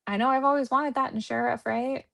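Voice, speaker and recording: A woman hosts a true crime livestream in a loose, chatty way, cracking sarcastic jokes as she goes. Her voice sits a little on the high side. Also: fairly even intonation, brisk, creaky, a bit bright. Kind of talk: casual livestream commentary.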